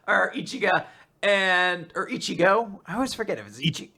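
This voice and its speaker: A woman hosting a podcast, casually recapping manga chapters and retelling the plot with quick acted-out quotes. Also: mid-range voice, animated, bright, forceful tone. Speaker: podcast host.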